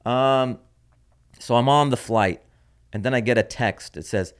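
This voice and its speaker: A man's voice: mid-range voice, expressive, measured pace. A man hosting his own comedy podcast, telling a story in a wry, offhand, rambling way. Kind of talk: casual rambling monologue.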